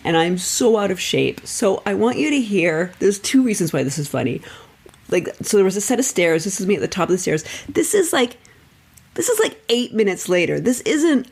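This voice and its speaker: A woman's voice: fairly low pitch, darkish tone. A middle-aged woman comedian hosting a podcast, chatting casually in a rambling, self-deprecating way and laughing often.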